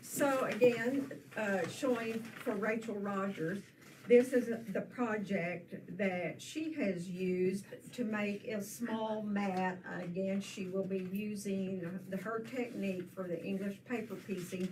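Slow-talking woman going over a sewing class, kinda high, far from mic, noisy room. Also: a little mellow. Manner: slow, unhurried, with many fillers. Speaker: quilting class presenter. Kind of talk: casual class presentation. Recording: distant mic with room noise.

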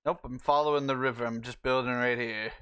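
A man's voice: mid-range voice, fairly even intonation, fairly quick, sharp tone, smooth. A man streaming a game live, chatting casually with a friend and reading chat aloud. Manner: easygoing, reads chat aloud while playing.

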